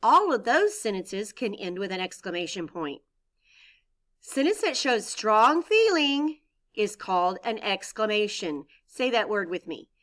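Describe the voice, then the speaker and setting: A woman teacher giving a recorded lesson to young children in a clear, encouraging, expressive voice. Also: medium pitch, unhurried.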